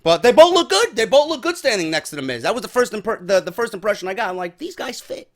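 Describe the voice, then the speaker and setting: Man, high voice, casual wrestling recap, opinionated, swears a lot, emphatic. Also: big pitch swings, quick pace. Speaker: wrestling commentator.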